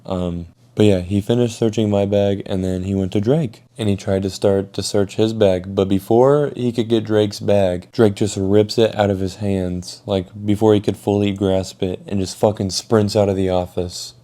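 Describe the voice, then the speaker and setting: A young man telling a school story in a casual, profane, animated way. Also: fairly low pitch, normal speed, few pauses. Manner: casual, swears a lot, animated retelling. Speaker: vlogger.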